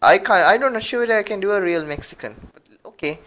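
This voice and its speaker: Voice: medium pitch, expressive, fast, a bit bright. A podcast co-host chatting casually, giggling and rambling while reading aloud. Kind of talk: casual chat.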